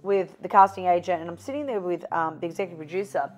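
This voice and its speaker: Animated Australian woman telling stories. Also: lowish voice, fast. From Newcastle, Australia. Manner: animated storyteller, acts out quoted dialogue. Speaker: guest, psychic. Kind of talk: storytelling interview chat.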